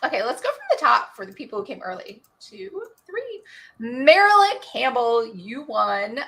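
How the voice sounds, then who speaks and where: A woman hosting an online book club chat, talking casually and quickly, laughing often. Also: fairly high pitch, sing-song, sharp tone.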